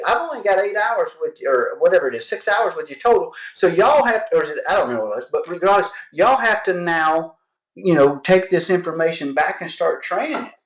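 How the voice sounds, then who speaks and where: A man's voice: high-pitched, fairly bright tone. A man coaching salespeople on a live video call, acting out customer dialogues with energy. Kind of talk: live online sales training. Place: home office with alarms. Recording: roomy, dull lo-fi sound.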